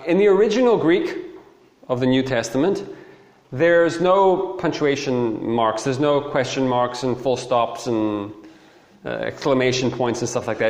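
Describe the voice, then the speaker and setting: Man preaching in an echoey hall. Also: medium pitch. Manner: animated, conversational, repeats key phrases for emphasis. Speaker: preacher teaching through a Bible letter. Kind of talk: casual expository sermon. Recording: echoey hall with long reverb.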